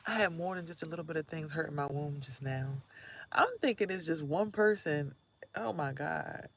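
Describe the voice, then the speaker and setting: A woman vlogging in a chatty, slangy way, laughing often and swinging between loud remarks and hushed asides. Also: low voice, moderate pace, creaky. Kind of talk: casual spiritual vlog monologue.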